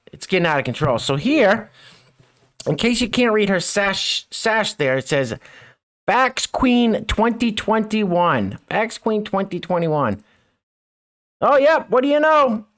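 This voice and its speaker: A man's voice: high voice, fairly bright tone. A middle-aged man hosting a mocking news commentary show, with sarcastic, chuckling asides. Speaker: show host.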